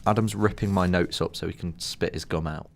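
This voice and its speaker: A man's voice: deep voice, fairly even intonation, fairly quick, vocal fry, heavy background noise. A young man co-hosting a podcast, joking and sorting out the running order in casual chat. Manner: joking, organizing. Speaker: podcast co-host. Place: small room.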